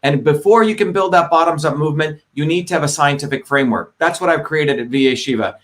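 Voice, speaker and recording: A man's voice: on the high side, fast talker, a bit bright. A middle-aged man hosting a live online show, talking in an emphatic, combative way, repeating his points and swearing. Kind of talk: live-stream monologue.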